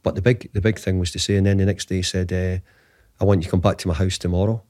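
A man's voice: low voice, flat delivery, fast, warm tone, no room sound, clean studio sound. A man in his fifties, a guest telling a long anecdote in an interview, rambling with frequent restarts. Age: 50s. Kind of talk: storytelling interview answer.

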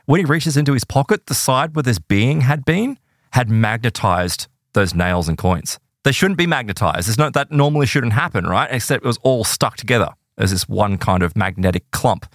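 A man telling an eerie true story in a casual podcast chat, animated and full of "right?" and "like". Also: medium pitch, moderate pace, no echo, clean studio sound.

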